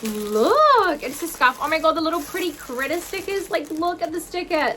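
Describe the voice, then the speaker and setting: A young woman vlogging an excited unboxing at home, gasping and gushing over each item. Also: very high-pitched, moderate pace, a little hiss or hum. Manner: gushing, gasping, lots of "oh my God".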